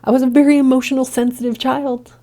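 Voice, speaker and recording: A woman's voice: sits high, level tone, quick pace, mellow. A woman hosting a podcast, musing earnestly in a reflective solo monologue full of rhetorical questions. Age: adult, past childhood and drinking years. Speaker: podcast host, integration coach.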